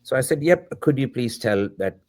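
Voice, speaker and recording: In a mid-range, slightly mellow voice at normal speed, a filmmaker in his fifties animatedly shares a personal story as a guest. He voices the characters' lines while telling it, reflective and with the odd filler word.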